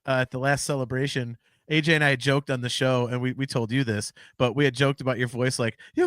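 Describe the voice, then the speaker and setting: A man hosting a podcast in casual chat, rambling with many restarts and lively swings in delivery. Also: medium pitch, quick pace, no echo, clean studio sound. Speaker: podcast host.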